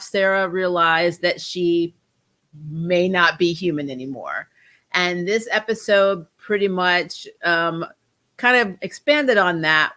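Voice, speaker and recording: A woman's voice: fairly low pitch, sharp tone. A young woman hosting a casual TV review chat, stuffed up from a cold and talking in a chatty, rambling way with ums and restarts. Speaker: host of a TV review channel.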